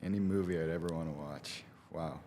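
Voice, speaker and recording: A man's voice: very deep voice, fairly even intonation, a little fast, warm tone, a little hiss or hum. A young man, a college athlete, answering interview questions in an easygoing, hesitant way and laughing often. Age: young adult.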